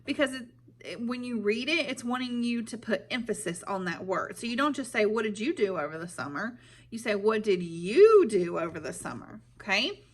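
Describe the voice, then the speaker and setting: A woman teacher reading a chapter aloud to her pupils, then explaining it in a clear, patient way and checking in with them often. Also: mid-range voice, fairly bright tone.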